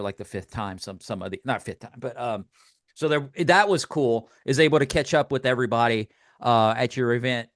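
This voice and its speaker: An older man co-hosting a podcast chats casually, acting out quotes in animated fashion as he tells stories. He speaks in a mid-range voice, and the sound is dry, clean and studio-grade.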